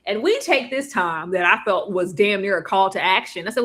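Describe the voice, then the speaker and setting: A woman co-hosting a casual episode recap, animated and laughing as she acts out characters' lines. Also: medium pitch, fairly quick, few pauses. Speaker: podcast co-host.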